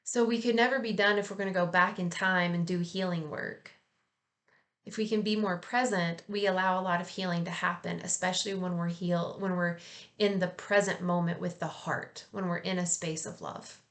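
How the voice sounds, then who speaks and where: A woman hosting a casual spiritual reflection in a relaxed, chatty way, gently encouraging her listeners and laughing at herself now and then. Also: on the low side, moderate pace. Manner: relaxed and chatty, with frequent fillers.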